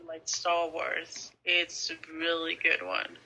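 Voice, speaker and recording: Slow, bright-voiced woman gushing about films. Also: fairly low pitch, completely flat delivery, low-quality recording. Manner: enthusiastic, repeats "and" and "like". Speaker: podcast co-host. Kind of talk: casual fan chat.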